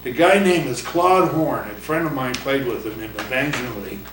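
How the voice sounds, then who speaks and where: An older man and former ballplayer tells rambling stories in a casual interview, chuckling often and putting on other people's voices. He is heard from some distance in an echoey room, with clear background noise. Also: mid-range voice, fairly quick, fairly bright tone. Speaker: retired baseball pitcher and coach. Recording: roomy, distant mic, noisy ambience.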